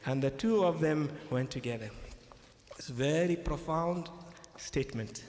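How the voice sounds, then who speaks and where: A man's voice: medium pitch, measured pace, a little mellow. Emphatic male preacher in an echoey hall. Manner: emphatic, repetitive, checks in with "okay?". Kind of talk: sermon.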